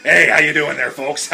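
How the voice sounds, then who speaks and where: Male actor as a mopey comedy-sketch dog, raspy bright edge, whiny delivery. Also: a little high, full character voice. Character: glum talking male dog sidekick. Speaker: co-host sidekick.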